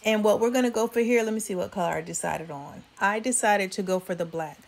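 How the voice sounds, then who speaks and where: A woman's voice: mid-range voice, quick pace, gravelly. A woman hosting a fashion vlog, chatting casually with viewers about outfits. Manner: chatty, addresses viewers as y'all. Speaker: fashion vlogger. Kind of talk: casual styling commentary.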